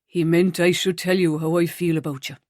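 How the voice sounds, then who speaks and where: A woman narrator voicing a shy, gentle young man who speaks softly and hesitantly. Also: on the low side, level tone, brisk, no room sound, studio quality, natural voice. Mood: shy, tender.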